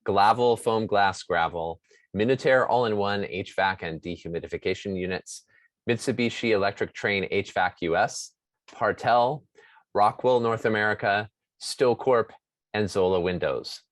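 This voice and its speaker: A man's voice: fairly low pitch, moderate pace, dry recording. A man hosting a webinar, reading a list of sponsor thanks steadily, name by name. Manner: steady, reads names one by one.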